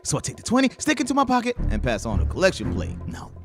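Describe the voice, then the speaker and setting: Animated young man telling a funny story. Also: fast, loud music behind the voice. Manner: animated, jumping pitch. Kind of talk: comedic story time narration.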